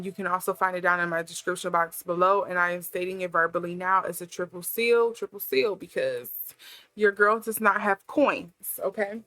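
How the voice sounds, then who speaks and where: A woman's voice: mid-range voice, fairly bright tone, no room sound. A woman hosting a tarot channel, talking casually to her viewers with chatty, laughing asides and sarcasm. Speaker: tarot reader. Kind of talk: casual chat to camera.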